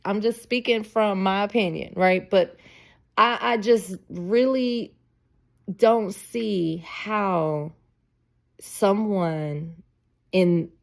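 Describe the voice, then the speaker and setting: A woman's voice: mid-range voice, drawn-out words, creaky. A woman in her forties, a podcast host chatting in a casual storytelling monologue, emphatic and often laughing. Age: 40s.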